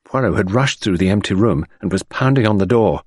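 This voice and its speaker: Guy narrating an audiobook, husky, lots of pitch movement, dry mic. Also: animated, a little fast, a little mellow, no echo.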